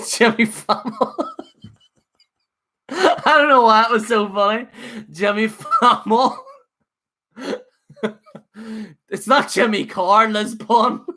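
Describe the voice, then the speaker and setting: A man's voice: high-pitched, slow, long pauses, bright, forceful tone. A man hosting his own livestream, rambling in a fired-up, jokey rant. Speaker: livestream host.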